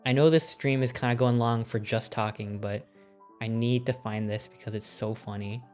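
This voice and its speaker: Deep-voiced woman streamer gushing and cursing, lots of laughs, faint music behind. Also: normal speed. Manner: excitable, swears a lot, laughs often. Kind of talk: casual stream chat, ranking films.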